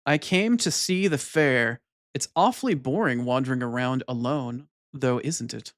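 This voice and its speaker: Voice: unhurried, no echo, studio quality, close to an everyday voice. A streamer putting on a bouncy girlish princess. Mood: friendly. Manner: high, bright girlish put-on voice. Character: cheerful bouncy tomboyish young princess. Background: game music.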